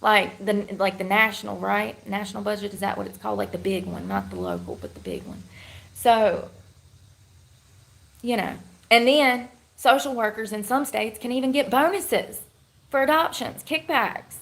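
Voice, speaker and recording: A woman's voice: medium pitch, lively intonation, moderate pace, creaky, fairly bright tone. A woman chatting casually with her livestream viewers in a blunt, rambling, slangy way.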